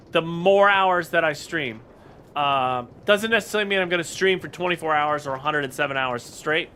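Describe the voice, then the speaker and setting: A man's voice: sits high, pushed and bright, a little hiss or hum. A man casually chatting on a live game stream, greeting viewers by name and rambling with fillers.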